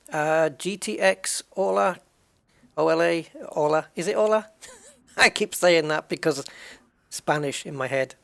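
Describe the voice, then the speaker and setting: English man, game streamer, tired, chatty, fairly high voice. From England. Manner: chatty, greets viewers by name, self-mocking. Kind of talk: casual game livestream chat.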